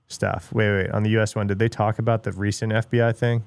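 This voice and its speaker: A man's voice: on the low side, little pitch movement, fast, vocal fry, hardly any pauses, smooth, no echo. A middle-aged man hosting a livestream, ranting bluntly in casual chat with lots of swearing and filler words. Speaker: livestream host.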